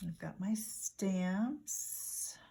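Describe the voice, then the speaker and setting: A woman hosting a relaxed crafting video, talking softly to herself in an unhurried way as she works. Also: mid-range voice, gravelly. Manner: soft, unhurried, talking to herself while working. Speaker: craft channel host.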